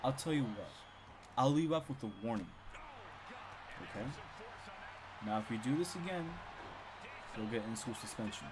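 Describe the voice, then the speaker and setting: A young man spins a story from his teenage years in loose, casual talk. His voice sits in a middle register and turns loud and excited when he rants. A steady hiss of noise runs under the recording. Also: medium pitch, normal speed, long pauses. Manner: animated, gets loud and excited when ranting. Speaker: storytime streamer.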